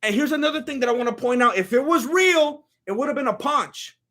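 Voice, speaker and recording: Male comedic host, very high-pitched, bright and tense, excitable stammerer. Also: fairly quick. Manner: animated, swings between loud outbursts and low mutters; stammers and restarts. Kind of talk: comedic commentary with a sponsor read.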